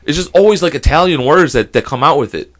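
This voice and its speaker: A young man co-hosting a casual podcast talks fast in an animated, slightly high and somewhat bright voice. He tells rambling stories packed with swearing and impressions of his friends.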